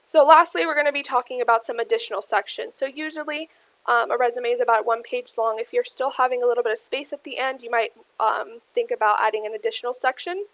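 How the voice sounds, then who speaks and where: A woman's voice: fairly high pitch, fairly even intonation, quick pace, a bit bright, no echo, poor audio. A young adult woman giving an instructional talk, explaining steadily with frequent ums and addressing the listeners as "you guys". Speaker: career workshop presenter. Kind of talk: instructional presentation.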